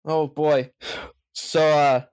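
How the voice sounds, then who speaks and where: A man's voice: a little high, little pitch movement, very slow, a little mellow, clear, resonant tone, dry recording. Dry wry man player. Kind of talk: tabletop role-play.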